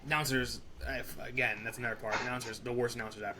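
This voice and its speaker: Fast-talking exasperated male co-host. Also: mid-range voice, fairly even intonation, pushed and bright. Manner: fast, exasperated ranting with profanity. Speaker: podcast co-host. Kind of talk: casual sports chat.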